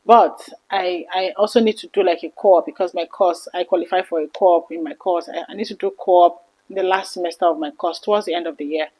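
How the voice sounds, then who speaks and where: A woman in her thirties telling a personal story to camera in an earnest, emotional vlog, her voice often dropping soft. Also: lowish voice, fairly even intonation, fairly quick, poor audio. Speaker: vlogger.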